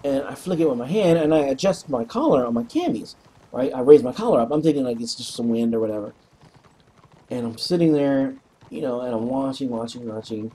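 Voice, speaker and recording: A man casually telling a rambling, animated story, clearing his throat often and swearing freely. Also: mid-range voice, fairly quick. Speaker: co-op gaming channel host.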